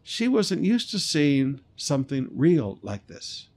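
A man's voice: a little high, big pitch swings, slow pace, a little mellow. A man preaching a sermon, reading scripture and then commenting emphatically, repeating key points. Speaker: pastor.

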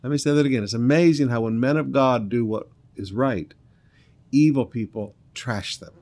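A man preaching a sermon, reading scripture aloud and adding commentary, swinging between loud emphatic lines and quiet earnest asides. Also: mid-range voice, moderate pace.

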